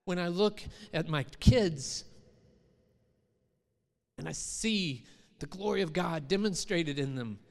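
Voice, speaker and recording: Taking it slowly and pausing often, a middle-aged pastor preaches expressively in a fairly high voice with vocal fry and a darkish tone. He chats with the congregation, then lifts into emphatic quoted lines, and long reverb from a large hall surrounds it all.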